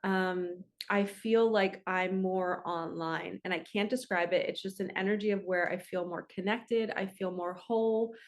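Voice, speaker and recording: A woman's voice: on the low side, fairly even intonation, a little slow, few pauses. A woman hosting her own channel as a spiritual coach, speaking to camera in a casual, earnest and reflective way, with frequent fillers. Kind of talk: casual heartfelt talk to camera.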